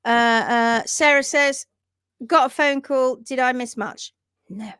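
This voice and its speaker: A woman's voice: high voice, slow, smooth, no room sound, studio quality. A woman hosting a livestream about hoof trimming, talking in emphatic, indignant bursts and reading out viewer comments. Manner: animated, emphatic, indignant rants.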